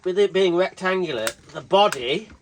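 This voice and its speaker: A man's voice: sits high, lively intonation, normal speed, noisy background. A British man hosting a casual tool review vlog, chatty and rambling, swearing freely. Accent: British English. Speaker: tool reviewer, channel host.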